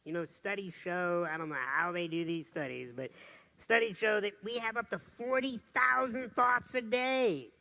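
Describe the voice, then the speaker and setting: A man giving an earnest motivational talk, dropping to soft, intimate tones for serious points. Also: sits high, moderate pace, gravelly. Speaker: motivational speaker.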